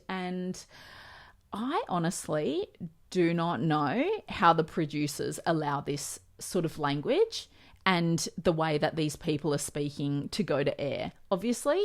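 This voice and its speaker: A woman's voice: low-pitched, creaky. A woman, a dietitian hosting her own podcast, talking candidly and emotionally in casual chat. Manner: chatty, candid, emotional storytelling. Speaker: podcast host.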